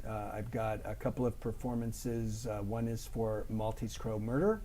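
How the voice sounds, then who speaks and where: A man's voice: lowish voice, dark tone, slight background noise. A man from Canada with a Canadian accent, a voice impressionist guest chatting casually and cracking jokes. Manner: jokey, quick with punchlines. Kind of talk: casual interview chat.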